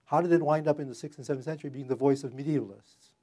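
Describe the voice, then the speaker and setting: Older guy giving a lecture, lots of uhs and restarts, mellow dark voice. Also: mid-range voice, fairly even intonation. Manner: halting, with frequent fillers and restarts. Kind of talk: academic public lecture. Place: lecture hall.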